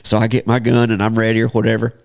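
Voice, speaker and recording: A man's voice: fairly low pitch, monotone, fast, gravelly. A man hosting a podcast, telling a casual story and laughing often as he talks. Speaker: podcast host.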